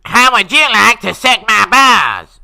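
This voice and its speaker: A man's voice: high-pitched, very animated, a little slow, creaky, pushed and bright, pitched above the performer's own voice, full character voice. A man voicing a bratty, foul-mouthed cartoon boy with a taunting, crude manner.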